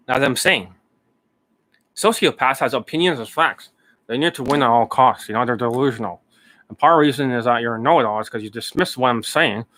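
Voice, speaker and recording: A man of medium pitch holds forth as a dating coach in a loose, casual monologue. He swears freely and mocks his students, slipping into higher voices to imitate them. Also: a bit bright. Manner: profane, mocking, acts out students in raised voices.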